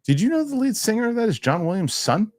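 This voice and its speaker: A man's voice: high voice, big pitch swings, quick pace, a little mellow, no room sound, clean studio sound. A man hosting a casual live show, rambling loosely and reading viewer comments aloud. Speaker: host.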